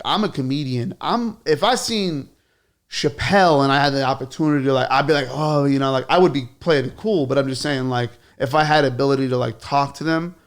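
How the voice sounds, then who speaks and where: A man, a comedian, telling stories in a casual chat, animated and quick to laugh, swearing freely. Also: medium pitch, vocal fry. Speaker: comedian guest.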